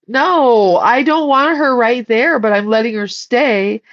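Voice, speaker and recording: 率直で口の悪い女性、くぐもった配信音声. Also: female voice, a little high, a little slow, muffled recording. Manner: blunt, swears freely, talks to her cats. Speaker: livestream host reading chat. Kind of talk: casual livestream chat.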